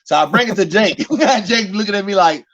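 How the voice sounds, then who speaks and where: A man's voice: high voice, expressive, moderate pace, fairly bright tone, highs cut off. A man co-hosting a podcast, chatting loosely and emphatically, looping back over his own words. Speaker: podcast co-host. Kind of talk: casual chat.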